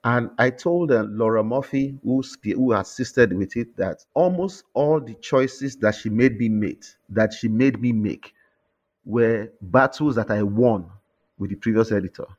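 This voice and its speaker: A man with a Nigerian accent, an author talking in an interview with lively, repeating restarts. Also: mid-range voice, unhurried, muffled recording. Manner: animated, repeats words when restarting. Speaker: author and guest. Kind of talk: interview conversation.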